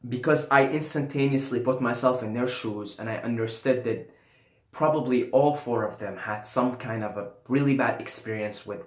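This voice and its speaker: A man holds forth on spiritual love in a loose, profane, storytelling way, often sinking to a soft, low murmur. His voice sits at a middling pitch. The room around him rings with a noticeable echo. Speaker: YouTuber. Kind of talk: casual spiritual monologue to camera. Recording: roomy echo.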